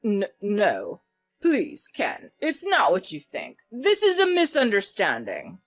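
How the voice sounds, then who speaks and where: Woman doing a sly spiteful mother-in-law, low voice, pleading denials. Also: huge pitch swings, a little slow, a bit bright, soft background music, exaggerated voice.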